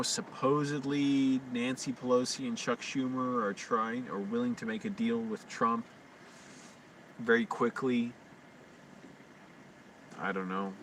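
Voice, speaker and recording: A man rambling through a late-night livestream monologue, talking quietly and anxiously to himself with frequent restarts. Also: lowish voice. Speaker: live streamer. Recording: distant mic with constant hum.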